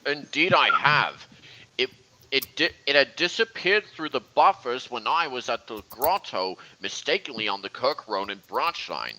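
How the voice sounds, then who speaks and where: A man doing a formal, deep-voiced steam engine. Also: animated, sharp tone. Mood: earnest. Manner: formal, halting speech with restarts. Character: proud steam engine, male, formal and measured. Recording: dull lo-fi audio.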